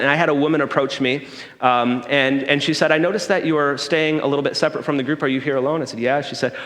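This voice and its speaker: A man's voice: fairly high pitch, a bit bright. A man giving a sermon in a church, telling a personal story in a conversational way and checking in with the congregation by asking "okay?". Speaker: pastor. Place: church sanctuary. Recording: long hall reverb.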